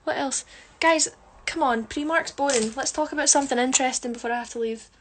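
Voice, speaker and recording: A woman talks into her phone during a casual livestream, her voice sitting high. She is chatty and teasing, joking with her viewers while she does her makeup. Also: fairly quick, slight background noise. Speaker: livestream host answering viewer comments. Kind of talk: casual chat.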